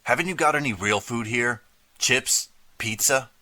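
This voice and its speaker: Man reading drunk teen biker bully, sneering, low voice, dry sound. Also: animated, normal speed, pushed and bright, no echo. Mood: angry. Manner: sarcastic, menacing.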